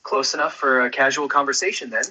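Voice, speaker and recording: Male AI assistant, very bright and breathy, upbeat chat. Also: mid-range voice, steady tone, quick pace, poor audio. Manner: smooth, friendly and upbeat, ends turns with questions. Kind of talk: conversational AI chat.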